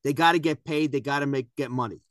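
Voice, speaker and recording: A man's voice: fairly high pitch, fast talker, a bit bright, dry recording. Emphatic, pushy male co-host. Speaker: podcast co-host. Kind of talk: casual podcast chat.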